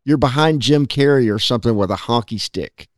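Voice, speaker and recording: A man hosting a casual interview podcast, friendly and quick to react with short laughs and remarks. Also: mid-range voice, no room sound, studio quality. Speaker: podcast host.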